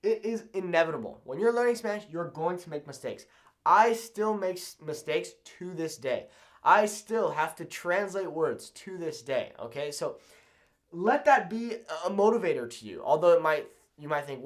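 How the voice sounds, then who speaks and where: A man's voice: on the high side, expressive, moderate pace. A young man from Southern California teaching to camera in a casual, upbeat way, often checking in with "okay?". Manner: upbeat, ends points with "okay?". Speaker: language learning YouTuber.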